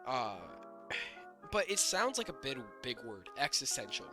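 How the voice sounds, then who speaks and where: A young man co-hosting a casual podcast, rambling with fillers and restarts and a slightly raspy voice. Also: medium pitch, sing-song, unhurried, over music. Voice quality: slightly raspy, throat-clearing. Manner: rambling, lots of fillers and restarts, laughs often. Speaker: podcast co-host. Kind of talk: casual chat.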